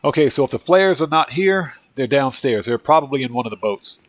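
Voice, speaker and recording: Congested man, losing his voice, gaming streamer, casual commentary, mid-pitched, relaxed. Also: a little fast, no room sound. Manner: relaxed, talks to chat and thanks viewers by name. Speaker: livestream host, gamer.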